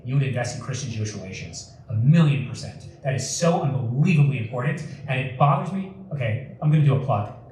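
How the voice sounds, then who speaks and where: A man's voice: a little high, a little mellow, slight background noise. A young man speaking passionately as a guest speaker at a public talk, earnest and emphatic. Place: community center hall. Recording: echoey hall from far off.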